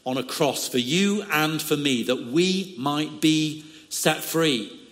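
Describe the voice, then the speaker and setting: A man preaches slowly, leaning on key words and pausing with small fillers. His voice sits a bit higher than most men's. It rings in a long echoey church hall. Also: expressive, a bit bright. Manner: slow, emphatic delivery with fillers. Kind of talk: sermon.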